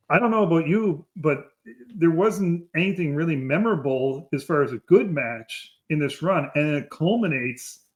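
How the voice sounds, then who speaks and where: A man co-hosting a podcast in a casual wrestling history chat, rambling with lots of fillers and laughing through his stories. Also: a little high. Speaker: podcast co-host.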